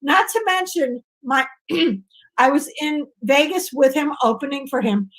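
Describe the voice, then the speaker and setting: A woman with a high, lively voice, chatting as a comedian guest. She tells her stories with animation and slips into other people's voices as she goes. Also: a little slow, rough recording. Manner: animated storyteller who acts out voices. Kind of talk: casual interview chat.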